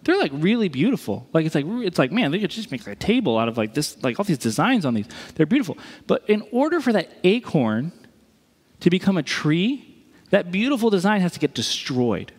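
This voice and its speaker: A man preaching a sermon in a conversational, animated way, acting out the voices he quotes. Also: sits high, fairly quick, slightly rough. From Missouri. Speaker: pastor. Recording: reverberant hall.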